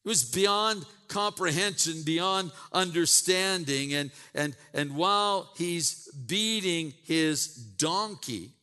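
A man's voice: a little high, animated, slow, hardly any pauses, sharp tone, smooth, soft background music. A man preaching a sermon, retelling scripture with emphatic asides and repeated words. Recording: long reverb in a large hall.

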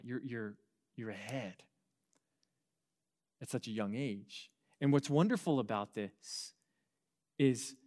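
A young man gives a sermon to a youth group, with a voice of ordinary middle pitch. He speaks earnestly and with animation, often stammering and restarting his sentences. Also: darkish tone. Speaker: youth pastor.

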